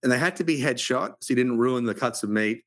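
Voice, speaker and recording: A man from Australia, hosting a podcast and musing in a relaxed, reflective way. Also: medium pitch, fast talker. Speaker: podcast host. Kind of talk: casual conversation.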